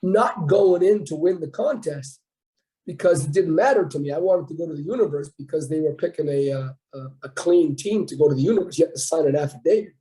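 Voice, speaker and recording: A Canadian man in his fifties, a guest on a casual talk show, telling a story with lively quoted dialogue. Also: fairly high pitch, brisk, low-quality recording. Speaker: podcast guest, bodybuilder.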